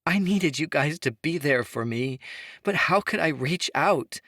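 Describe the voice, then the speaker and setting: A man voicing an angry, grieving young woman in shrill, tearful outbursts. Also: lively intonation, unhurried, fairly bright tone, no echo, studio quality, heavily acted.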